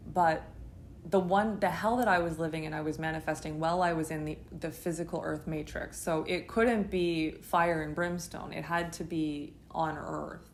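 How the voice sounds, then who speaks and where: A woman speaks in a low, gravelly voice full of vocal fry. She tells her own story in a halting, intense monologue. She pauses and restarts often as she recounts it. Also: a little hiss or hum. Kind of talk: first-person testimony monologue.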